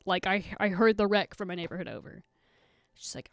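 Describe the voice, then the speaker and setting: A woman's voice: medium pitch, fairly even intonation, fairly quick, no room sound. A young woman streaming live, telling a rambling story to her chat, swearing a lot and close to tears.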